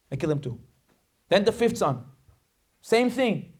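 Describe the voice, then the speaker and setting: A man's voice: high-pitched, lively intonation, unhurried, long pauses, darkish tone, breathy edge. A male rabbi giving a sermon, emphatic and dramatic, telling stories and acting out the voices in them. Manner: acts out quoted voices.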